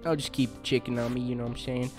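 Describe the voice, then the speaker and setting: A young gaming YouTuber chats through a casual let's play, talking fast at a medium pitch over background music. He's excitable and yelps and shrieks in panic whenever his character gets attacked.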